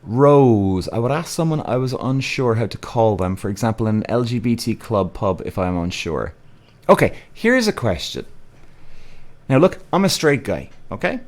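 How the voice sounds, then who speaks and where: A man from Cork, Ireland, speaks with an Irish accent while hosting a live podcast and going through viewers' comments, blunt, exasperated and freely profane. His mid-range, darkish voice swings widely in pitch at a moderate pace, in a casual live-stream chat style.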